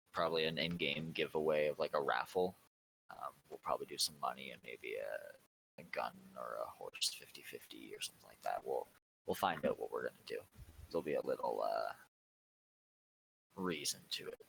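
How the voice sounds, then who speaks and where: A man hosting a roleplay server's community meeting, rambling and halting with lots of fillers. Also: a bass voice, sharp tone, slight background noise, poor audio. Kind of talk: casual community meeting talk.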